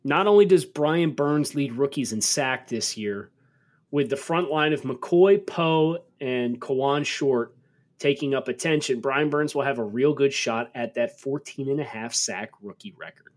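A man co-hosting a football podcast, talking through draft takes in a measured, analytical way. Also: medium pitch. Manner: measured analysis, turns incredulous and emphatic when joking. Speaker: podcast co-host. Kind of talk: casual sports podcast chat.

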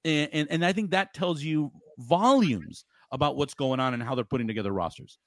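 A man's voice: fairly high pitch, lively intonation, fairly quick, no echo, studio quality. A man co-hosting a sports podcast, ranting heatedly and often repeating his words. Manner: fired up, repeats words, rants loudly. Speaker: podcast co-host.

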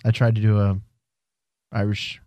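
A man's voice: lowish voice, completely flat delivery, measured pace, mellow, dry recording, muffled recording. Jokey man co-hosting a podcast. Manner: teasing, jokey, questioning. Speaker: podcast co-host. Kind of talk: casual wrestling chat.

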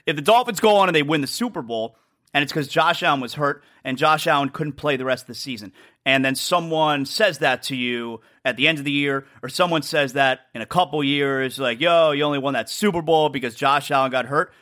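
A man's voice: fairly high pitch, fairly quick, fairly bright tone. A man hosting a sports talk show, talking emphatically and repeating himself for effect. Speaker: sports radio host. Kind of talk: solo sports talk monologue.

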